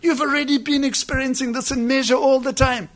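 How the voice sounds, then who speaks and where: A man preaching a sermon, dropping to soft asides and then rising to loud, drawn-out emphasis. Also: extremely high pitch, flat delivery.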